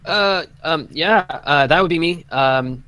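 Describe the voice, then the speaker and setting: A nervous young male stable hand in a tabletop game, as a man puts him on, with a raised pitch. He fumbles and hesitates over his words and fills them with ums and uhs. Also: slow pace, bright, forceful tone, no echo.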